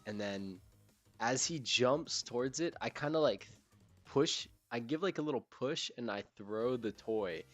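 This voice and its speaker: A man's voice: medium pitch, lively intonation, a little slow, faint music behind. A young man hosting a casual podcast, talking in a rambling, laid-back way with lots of fillers. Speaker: podcast host. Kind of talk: casual chat.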